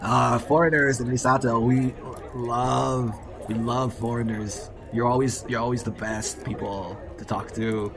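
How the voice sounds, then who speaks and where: A man voicing a drunk, rude male tavern patron in a tabletop game, with a slow sarcastic drawl. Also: medium pitch, lively intonation, crowd noise, natural voice.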